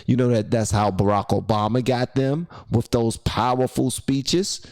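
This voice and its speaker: A man's voice: medium pitch, unhurried, a little mellow. A man hosting a reaction video, chatting casually and playfully, sometimes slipping into a rhyming preacher cadence.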